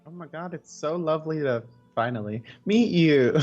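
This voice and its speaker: A man's voice: a little high, animated, unhurried, a little mellow, muffled recording, faint music behind. A man playing a theatrical, gushing male demigod hero.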